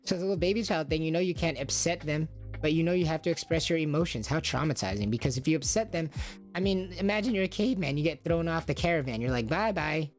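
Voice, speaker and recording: A stream host talking through a casual monologue, asking rhetorical questions and acting out short quoted lines from parents and children. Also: mid-range voice.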